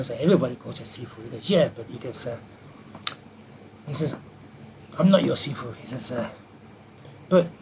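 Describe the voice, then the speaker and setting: A man telling a lively anecdote from his film career in an interview, acting out the quoted voices as he goes. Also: mid-range voice, a little hiss or hum. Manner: animated anecdote teller who acts out quotes. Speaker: martial artist and film stunt performer. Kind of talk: storytelling in an interview.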